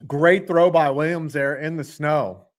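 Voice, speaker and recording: A man streams live reaction to a football game, calling each play as it unfolds in a voice sitting a touch high for a man. He jokes with his chat between snaps and erupts in profanity when a flag goes against his team. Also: measured pace. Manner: excitable play-by-play, cursing at calls, joking with chat.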